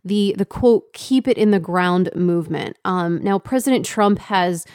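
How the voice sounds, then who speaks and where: A woman's voice: fairly low pitch, a little slow, darkish tone, dry recording, studio quality. A woman co-hosting a casual market talk show, conversational and laughing easily, with lots of fillers. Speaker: co-host.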